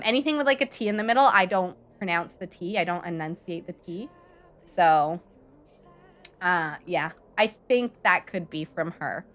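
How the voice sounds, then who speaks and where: Woman livestreaming a game, chatty and rambling, bright forceful voice, faint music under her. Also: medium pitch. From Canada. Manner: chatty and rambling, answering viewer chat. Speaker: live streamer. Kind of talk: casual chat while livestreaming a game.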